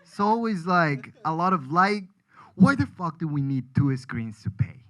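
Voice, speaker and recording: A man's voice: on the high side, big pitch swings, a little slow, a bit bright, poor audio. A man from Colombia, a comedian rambling through a self-deprecating stand-up set with frequent restarts.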